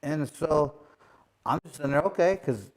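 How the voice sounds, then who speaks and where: A middle-aged man, host and former boxing champion, tells a casual story at a moderate pace in a voice a bit higher than most men's. He's chatty and animated, filling gaps with repeated fillers and doing lively impressions of those he quotes.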